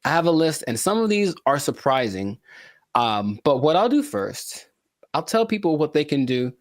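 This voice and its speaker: A man co-hosting a casual podcast, talking in a joking, rambling way with animated asides. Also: fairly high pitch, moderate pace, no room sound, clean studio sound. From California. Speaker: podcast co-host.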